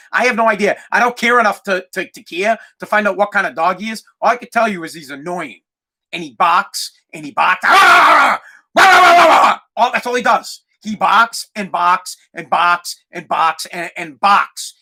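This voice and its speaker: A man in his thirties hosting a podcast, ranting casually and with exasperation, sometimes yelling. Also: high voice. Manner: exasperated ranting, yells and imitates barking. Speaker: podcast host. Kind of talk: casual comedic rant.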